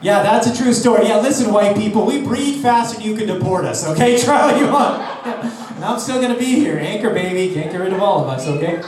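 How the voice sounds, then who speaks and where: A little fast and high-voiced, a man from Los Angeles delivers brash, profane stand-up at a live venue, turning his punchlines against himself. A crowd is audible behind him, and the recording sounds echoey and distant, with laughter from the audience.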